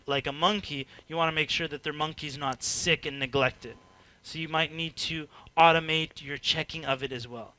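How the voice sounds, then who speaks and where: Guy teaching a workshop, kinda high bright voice, super animated, lots of like and you know, acts out little scenes. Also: smooth. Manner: animated, acts out dialogue, frequent fillers and laughs. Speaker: workshop speaker. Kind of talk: informal teaching talk to a group.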